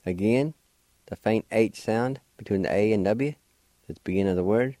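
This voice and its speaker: A man hosting a radio language lesson, slowly spelling out words letter by letter and repeating them patiently. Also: lowish voice, warm tone, no echo. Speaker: language teacher and radio host. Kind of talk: slow word-by-word language lesson. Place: radio studio.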